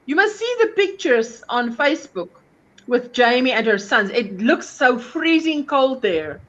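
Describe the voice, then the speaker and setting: South african lady hosting a crochet stream, high voice, chatty, kinda muffled sound. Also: lively intonation, a little slow. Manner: chatty, reads viewer comments aloud. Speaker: crochet live stream host. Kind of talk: casual live-stream chat.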